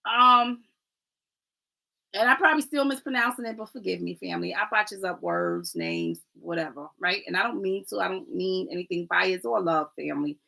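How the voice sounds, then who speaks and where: In a rough recording, a woman with a fairly low, vocal-fry voice and a sharp tone hosts a casual livestream oracle card reading at a moderate pace. She chats and rambles, often tacks on "right?", calls her viewers "family," and trips over names.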